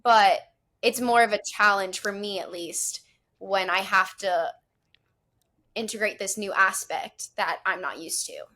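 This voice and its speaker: A woman appearing as a guest on a podcast, speaking thoughtfully and earnestly. She works through long, reflective sentences about her craft. Her voice sits at an everyday middle pitch. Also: measured pace, bright, forceful tone. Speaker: actress guest. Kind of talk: casual podcast interview.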